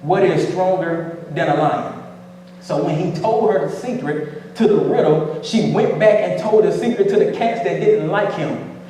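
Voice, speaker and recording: A high-voiced male pastor preaching a playful, call-and-response sermon, looping back on his phrases to rouse the room. He is heard from a distance in a church sanctuary, with a long, booming reverb. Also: normal speed, dark tone. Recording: echoey church hall from afar.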